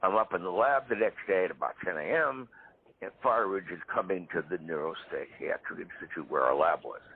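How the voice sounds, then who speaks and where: A man in his seventies, a parapsychologist guest, telling stories in a lively way in a live interview. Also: sits low, brisk, breathy edge. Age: 70s. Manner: animated storyteller. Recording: tinny phone-line audio.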